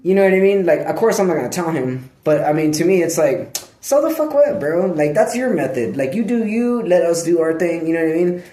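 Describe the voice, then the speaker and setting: A man's voice: fairly high pitch, lively intonation, brisk, mellow. A man talking in a loose, rambling vlog monologue, slangy and profane, sometimes breaking off to scold his dog. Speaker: vlogger. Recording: echoey room.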